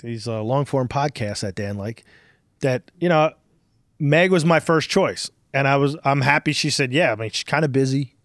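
A man's voice: mid-range voice, moderate pace, no room sound. Male podcast host, 40s, casual profane storyteller, dry close recording. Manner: rambling, profane, animated storytelling. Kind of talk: casual chat.

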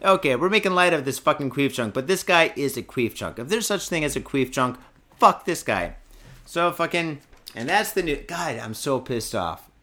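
A man's voice: fairly high pitch, expressive, moderate pace, pushed and bright. A tipsy young man hosting a podcast, ranting about the news in a profane, repetitive, comic way. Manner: foul-mouthed, ranting, keeps swearing and repeating himself. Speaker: podcast host. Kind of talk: profane comedic news rant.

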